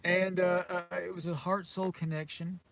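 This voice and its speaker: A man's voice: high voice, flat delivery, moderate pace, creaky, fairly bright tone. A middle-aged British man giving a rambling, conspiratorial monologue to camera, repeating himself and chuckling often. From Britain. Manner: conspiratorial, repetitive, with frequent chuckles. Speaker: vlogger.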